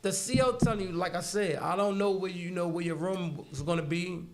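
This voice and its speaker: Harlem man, high-pitched, lively storyteller who acts out the dialogue, in a roomy studio. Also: brisk. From Harlem, New York. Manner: animated, acts out prison dialogue, laughs often. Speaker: interview guest. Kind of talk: casual storytelling interview.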